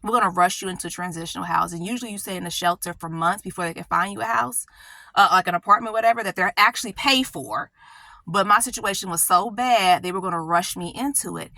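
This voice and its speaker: A woman's voice: mid-range voice, a little fast, sharp tone, no room sound. A woman hosting her own channel, telling a personal story in an emotional, conversational way, repeating phrases for emphasis and often asking "right?". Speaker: channel host.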